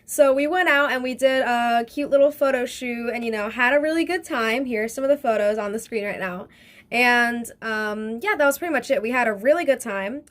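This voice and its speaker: A young woman telling a casual storytime vlog in a chatty, excitable way, full of fillers and swearing. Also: on the high side, fairly quick. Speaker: vlogger.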